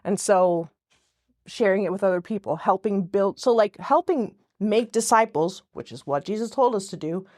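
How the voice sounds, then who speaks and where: A woman's voice: medium pitch, normal speed, darkish tone. Chatty woman guest on a faith podcast. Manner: rambling, self-interrupting, frequent restarts. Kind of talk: casual podcast conversation.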